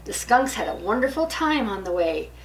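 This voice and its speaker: A woman's voice: a little high, big pitch swings, normal speed, echoey room. An older woman reading a picture book aloud to her grandchildren. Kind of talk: storybook read-aloud. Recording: distant mic with faint hiss.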